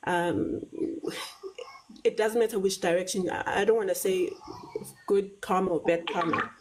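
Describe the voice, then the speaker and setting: A South African woman on a live talk show, explaining ideas in a measured way, often repeating words and checking in with "right?". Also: mid-range voice, fairly even intonation, low-quality recording.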